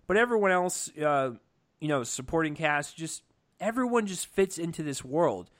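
A man's voice: a little high, expressive, moderate pace, fairly bright tone. A man giving a casual, enthusiastic movie review, talking with lots of fillers and restarts. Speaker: film reviewer.

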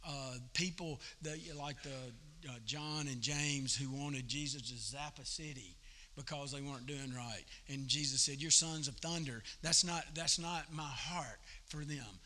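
A man preaching a sermon at a church service, telling the story in a folksy, animated way. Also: mid-range voice, unhurried. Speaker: pastor.

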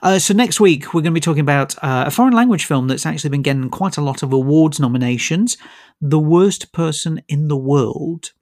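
A man reviewing films in a casual podcast chat, griping with an animated, exasperated manner and many stammered restarts. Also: a little high, fairly quick, no room sound, clean studio sound. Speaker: film reviewer.

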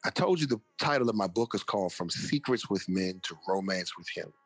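A man's voice: low voice, expressive, brisk, breathy edge. A young man, an interview guest and author, telling a personal testimony in casual slang and acting out the voices of people he quotes.

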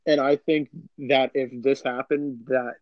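A man's voice: medium pitch, little pitch movement, unhurried. A man co-hosting a school podcast, joking and teasing the others. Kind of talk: casual podcast chat. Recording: dull lo-fi sound with crowd noise.

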